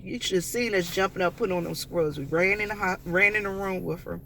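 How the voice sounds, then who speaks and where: A man telling a story to his viewers in a casual vlog, chatty and animated, talking to them directly. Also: high-pitched, quick pace, gravelly, a little hiss or hum. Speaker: vlogger.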